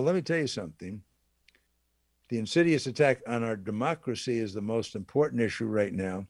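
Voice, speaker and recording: A man's voice: mid-range voice, darkish tone, no echo. A man from Wisconsin giving an impassioned political speech, driving his points home with rhetorical questions and emphatic repetition. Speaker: political speaker.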